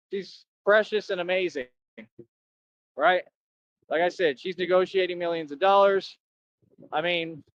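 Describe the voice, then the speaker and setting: A man's voice: high voice, fairly bright tone. A man rambling and bragging in a casual livestream rant, often tacking on "right?". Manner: boastful, rambling, keeps asking "right?". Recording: dull lo-fi dry sound.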